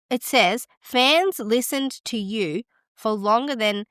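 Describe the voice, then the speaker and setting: A woman hosts a podcast in easy, casual chat. Her voice sits slightly high and she gets audibly excited, gasping at good news. The sound is dry and close. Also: slow pace, dry recording. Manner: excitable, gasps and exclaims while reading stats aloud. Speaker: podcast host.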